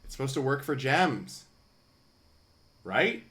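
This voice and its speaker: A man streaming a video game live, chatting casually and thinking out loud with wry asides. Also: mid-range voice, moderate pace.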